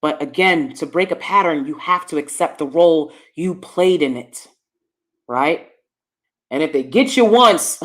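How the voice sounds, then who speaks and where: A woman's voice: big pitch swings, measured pace, fairly bright tone. A middle-aged woman hosting her own channel, talking bluntly and lecturing in a casual monologue to the camera. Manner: blunt, lecturing, switches between low asides and emphatic bursts. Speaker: YouTube commentary host.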